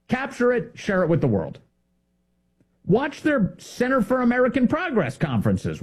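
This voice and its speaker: A male commentator delivers an indignant monologue, pushing his words with emphasis. His pitch swoops widely, and his voice is warm and slightly husky. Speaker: political commentator host.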